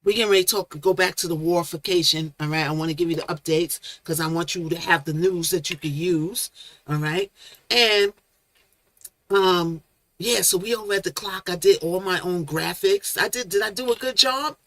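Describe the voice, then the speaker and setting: A bright, forceful woman hosts a live stream and talks straight to her chat, greeting viewers by name and tossing out playful made-up words. The sound is dry and close, with hardly any room in it. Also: fairly low pitch, moderate pace, no echo. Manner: chatty, reads chat names aloud, playful made-up words. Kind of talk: casual live-stream commentary.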